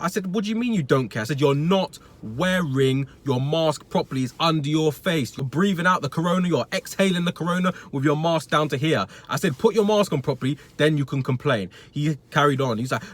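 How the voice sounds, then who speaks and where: A young man telling a blunt, swearing rant about a customer at work, acting out the argument in a lively way. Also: a little high, a little fast, hardly any pauses. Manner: blunt, swearing, animated storytelling. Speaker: retail worker vlogger. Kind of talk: casual ranting story.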